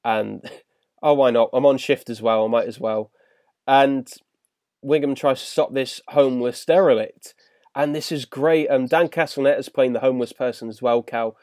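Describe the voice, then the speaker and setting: A man's voice: mid-range voice, fairly even intonation, normal speed, a little mellow, no room sound, clean studio sound. A man hosting a podcast and recapping a cartoon episode enthusiastically, with many ums and you-knows. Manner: enthusiastic recapping, filler-heavy. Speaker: podcast host. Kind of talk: casual episode review.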